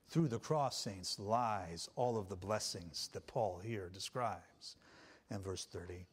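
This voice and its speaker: A man preaching a Sunday sermon as pastor, emphatic and swinging between quiet passages and loud ones. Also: medium pitch, a little slow, long pauses.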